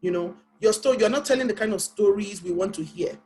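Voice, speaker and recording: A woman's voice: medium pitch, fast talker, a little mellow, poor audio. Nigerian woman, author guest on a panel; Nigerian English accent, earnest storytelling, carefully paced speech.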